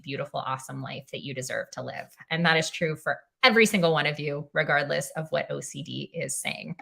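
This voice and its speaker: A woman's voice: low-pitched, vocal fry, bright, forceful tone. A young woman filling in as a livestream host, tired and emotional, heartfelt, saying "um" often and reading viewer comments aloud. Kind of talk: casual livestream chat.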